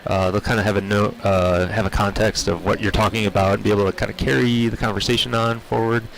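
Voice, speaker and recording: A man speaking for an industry group, explaining technology trends in a measured way with many filler words. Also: fairly low pitch, little pitch movement, creaky, rough recording. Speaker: industry spokesperson. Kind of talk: on-site interview.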